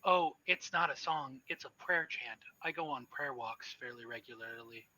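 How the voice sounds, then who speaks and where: A man voicing a calm, gently cheerful woman devoted to a strange cult, as a game master's character in a tabletop game. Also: mid-range voice, normal speed, poor audio. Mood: serene. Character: serene cult-devoted woman of no clear age.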